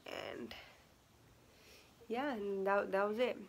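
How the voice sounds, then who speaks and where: A woman's voice: mid-range voice, steady tone, slow, vocal fry, a little hiss or hum. Chatty young woman telling a story. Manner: chatty, many fillers and laughs, acts out quotes. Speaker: vlogger. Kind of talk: casual storytime vlog.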